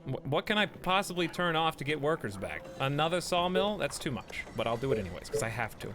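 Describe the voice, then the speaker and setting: A man's voice: on the high side, sing-song, fast, background noise. A man streaming a strategy game, chatting with his viewers in a rambling, joking way and laughing often. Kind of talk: casual gameplay stream commentary.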